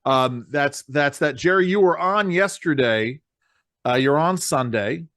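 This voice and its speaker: A man's voice: fairly high pitch, animated, a little slow, a bit bright, no echo, studio quality. A man hosting a political talk podcast. He sums up his co-host's points and steers the conversation. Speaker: podcast host.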